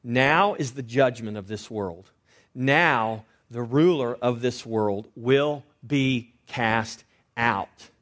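A pastor preaching a sermon, swinging between loud emphasis and hushed asides and asking rhetorical questions. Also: male voice, mid-range voice, takes it slowly. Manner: asks the congregation rhetorical questions.

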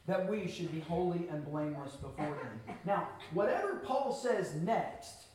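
A man preaching a sermon as pastor to his church, with earnest emphasis and pauses. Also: a little high, darkish tone. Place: church sanctuary. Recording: very echoey hall, from a distance.

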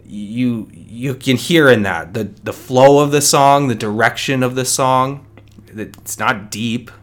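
A man's voice: medium pitch, slow pace. A man hosting a solo podcast, arguing his view in an earnest, conversational way with many restarts. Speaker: podcast host. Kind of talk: solo opinion podcast monologue.

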